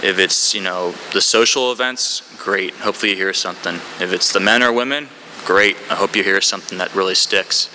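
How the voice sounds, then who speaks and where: At a recovery meeting, a man candidly shares his story, rambling and using lots of fillers. His voice is low and sharp-toned, he talks slightly fast, and there's a bit of background noise.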